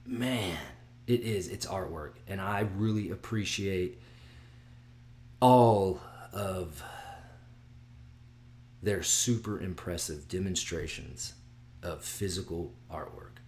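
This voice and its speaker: Excitable rambling man, low voice. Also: slow, pauses often, slight background noise. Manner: excitable and rambling, with frequent restarts and drops to a mutter. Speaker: vlog host giving fight picks. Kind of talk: casual solo video chat.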